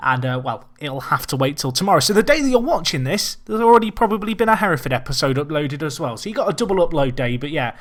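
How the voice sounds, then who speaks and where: A young man chatting excitedly as he commentates his own football management game. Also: a little high, quick pace, hardly any pauses. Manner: excitable, chatty, self-deprecating. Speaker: let's play host.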